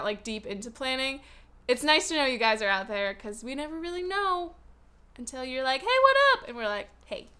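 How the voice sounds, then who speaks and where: A young woman chats casually at home as she opens fan mail and reads letters aloud. Her voice sits a little high and sounds bright, and she fills her talk with "like.". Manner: chatty, reads letters aloud, many "like" fillers. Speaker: stationery vlogger opening fan mail. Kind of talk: casual unboxing chat. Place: home room with open window.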